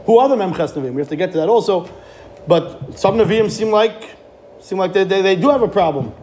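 Guy with teaching a torah class, high voice, talks fast, asks the room questions, faint hum behind. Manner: animated, rhetorical questions, frequent restarts.

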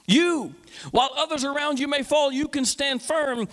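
A male pastor preaches with a notably high voice, driving his points home through repetition and call-and-response. The sound carries a long, lingering reverb, as if captured in a large hall. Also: normal speed, a bit bright. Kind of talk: sermon.

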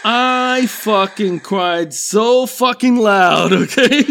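A man's voice: high-pitched, drawn-out words, vocal fry, fairly bright tone, a little hiss or hum. A middle-aged man from a Mexican-American background telling casual, profane stories in a rambling way, laughing at himself. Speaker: storyteller.

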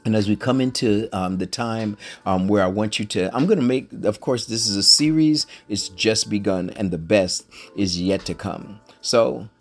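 Guy preaching bible study on his podcast, husky low voice, gets fired up and keeps asking amen. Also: moderate pace, faint music behind. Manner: fervent, call-and-response asides. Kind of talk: preaching-style Bible teaching.

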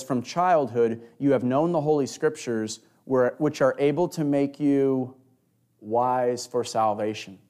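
A man preaching a sermon, telling a scripture story in an animated way and acting out the people in it. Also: medium pitch.

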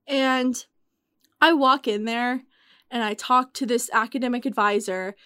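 A woman's voice: a little high, steady tone, a little slow, pushed and bright, smooth, no room sound. Emotional young woman, dry close sound. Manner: chatty, many fillers. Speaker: guest telling her story. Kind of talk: casual podcast chat.

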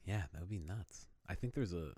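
A man's voice: low voice, animated, brisk, warm tone, no echo. A man co-hosting a podcast in loose casual chat, swearing freely and acting out quotes. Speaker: podcast co-host.

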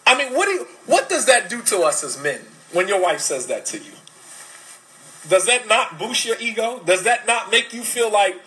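A man's voice: high voice, big pitch swings, pushed and bright, poor audio. A man giving a religious lecture on parenting, emphatic and full of rhetorical questions. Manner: switches to fast Arabic recitation. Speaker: Islamic lecturer.

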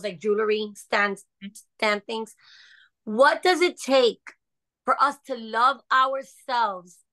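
Middle-aged woman guest, bright voice pitched a little high, earnest personal storyteller. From United States. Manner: earnest, emphatic, repeats "right?". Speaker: podcast guest, author.

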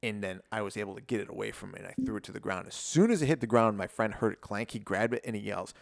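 Gravelly man telling a rambling story. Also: lowish voice, fast talker, no room sound, studio quality. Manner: animated, rambling, full of "like" and swearing. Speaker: martial arts coach, podcast guest. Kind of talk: casual storytelling in an interview.

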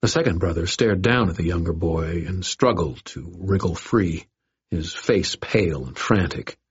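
A man narrating a story in the first person, with steady, dry, wry storytelling. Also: deep voice, normal speed, a little hiss or hum. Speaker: audiobook narrator. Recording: dull lo-fi audio.

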